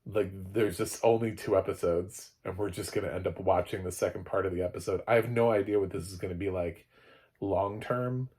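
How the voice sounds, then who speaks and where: A man's voice: deep voice, steady tone, a little fast, a little mellow. A man, a film critic, casually reviewing a show and rambling with lots of "like" and "you know.". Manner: rambling, filler-heavy, frequent "like" and "you know". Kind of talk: casual review talk to camera.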